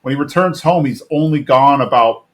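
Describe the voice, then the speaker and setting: A man's voice: medium pitch, moderate pace. A man hosting a podcast, casually recapping a cartoon episode in a rambling way with many fillers and restarts. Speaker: podcast host.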